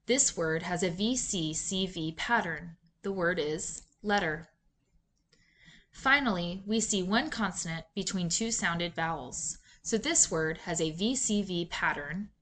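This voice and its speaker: A woman giving scripted instructional narration for a reading lesson, in a clear, measured, deliberate teaching delivery. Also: lowish voice, a bit bright, a little hiss or hum. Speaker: literacy instructor.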